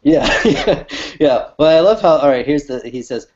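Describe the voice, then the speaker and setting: A man co-hosting a casual chat with a fellow cartoonist, talking in a rambling, halting way and laughing easily. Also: medium pitch, darkish tone, muffled recording. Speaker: cartoonist co-host.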